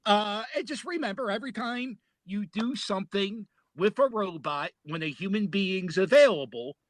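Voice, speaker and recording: An American man with a Philadelphia accent, a podcast guest chatting casually and telling stories in an animated way. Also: sits high, moderate pace, no room sound. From United States. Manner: animated storyteller, laughs often. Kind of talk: casual chat.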